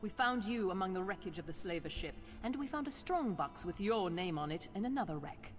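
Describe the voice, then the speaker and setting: A woman's voice: mid-range voice, expressive, a little fast, faint music behind, close to an everyday voice. An actress playing a stern, no-nonsense female governor in a video game, authoritative and curt. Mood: formal.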